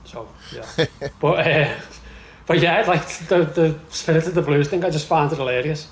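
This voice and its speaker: A man's voice: a little high, moderate pace, echoey room, low-quality recording. Sweary Liverpool man ranting about football. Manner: sweary, animated ranting with laughter. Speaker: podcast co-host. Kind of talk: casual football chat.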